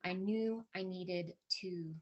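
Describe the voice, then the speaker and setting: A woman's voice: lowish voice, fairly even intonation, takes it slowly, muffled recording. A middle-aged woman speaking at a conference, telling a personal story with candid emotion and lots of quoted dialogue. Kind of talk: personal story told to an audience. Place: conference stage.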